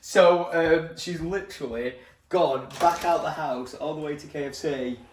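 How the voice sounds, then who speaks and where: A man's voice: measured pace, slight background noise. A man, chatting casually to camera in a jokey vlog. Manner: chatty and jokey, lively swings in pitch. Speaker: vlogger.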